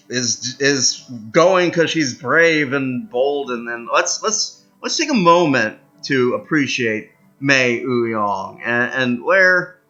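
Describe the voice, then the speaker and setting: A man's voice: medium pitch, bright, forceful tone, lo-fi sound. A young man giving casual commentary on a strategy game he is playing, thinking aloud with lots of fillers and laughs, and reading event text aloud. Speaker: gameplay commentator.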